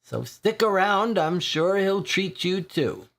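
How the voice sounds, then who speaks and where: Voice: mid-range voice, lively intonation, slow pace, a bit bright, pitched above the performer's own voice. A board game player voicing a spindly, drably dressed older pub regular who rambles in a friendly way. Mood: rambling, friendly.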